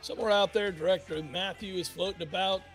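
A middle-aged man hosting a sports radio show, talking in a loud, brash, joking way. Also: high-pitched, fairly even intonation, a little fast, soft background music. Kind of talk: casual sports talk.

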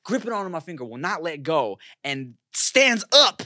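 A man's voice: fairly high pitch, sing-song, normal speed, sharp tone, dry recording, studio quality. A man in his thirties co-hosting a podcast, telling family stories in a laid-back way full of slang and swearing. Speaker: podcast co-host. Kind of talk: casual podcast chat.

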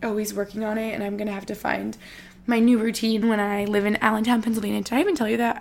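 Gravelly-voiced chatty young woman. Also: mid-range voice, level tone, quick pace. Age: 20s. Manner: chatty and emotional, lots of "like". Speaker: vlogger. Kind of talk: casual vlog chat.

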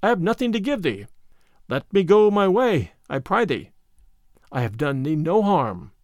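A man voicing a gentle, strong young male stranger with soft, archaic speech. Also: high voice, big pitch swings, moderate pace, no echo, studio quality.

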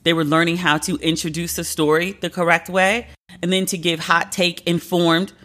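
Podcaster in their 30s going off, cussing, really bright voice. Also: mid-range voice, normal speed. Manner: animated, profane, venting rant. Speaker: podcast host. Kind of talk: casual solo podcast monologue.

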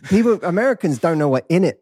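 A man in his thirties from England, with an East London accent, chats casually and playfully as a guest on a podcast, laughing between and during his lines as a dating coach. His mid-range voice is a little mellow, with a moderate pace and clean, echo-free studio quality.

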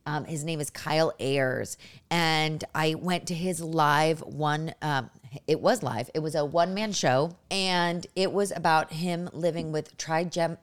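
A woman hosts a podcast in an easy, casual chat. Her voice sits low and sounds smooth and clear. She talks eagerly and rambles, with plenty of fillers and restarts along the way. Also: unhurried. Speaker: podcast host.

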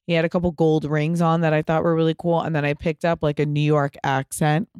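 Smooth-voiced woman telling stories animatedly. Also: low voice, brisk, dry recording, studio quality. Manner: animated storyteller, swears casually. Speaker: podcast host. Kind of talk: casual chat.

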